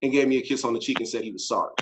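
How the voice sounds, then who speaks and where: A man spins a tale at a rapid clip, cursing and animated. His voice sits at an ordinary pitch. The recording carries a clear layer of background noise. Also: poor audio. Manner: profane, animated storyteller. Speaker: podcast co-host. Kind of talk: casual storytelling chat.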